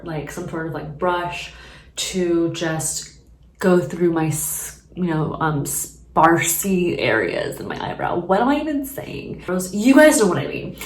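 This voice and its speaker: A young woman chatting casually through a makeup routine, rambling with lots of fillers. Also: fairly low pitch. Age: young adult. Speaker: beauty vlogger. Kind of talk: casual makeup tutorial chat. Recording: echoey room, mic at a distance.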